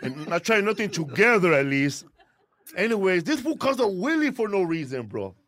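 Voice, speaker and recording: A man's voice: sits high, sing-song, normal speed, a bit bright, no room sound, clean studio sound. A man hosting a podcast, trading slangy, profane banter in casual chat. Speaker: podcast host.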